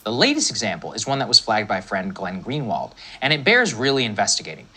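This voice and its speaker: A commentator reading scripted political news in a crisp, polished manner. The voice is bright and tense, with a lively, swinging pitch. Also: brisk.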